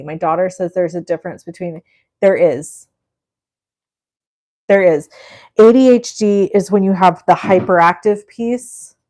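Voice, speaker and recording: This middle-aged woman hosts a live crafting stream, her voice lowish and somewhat dark in tone. She chats with viewers as she works, gushing and effusive.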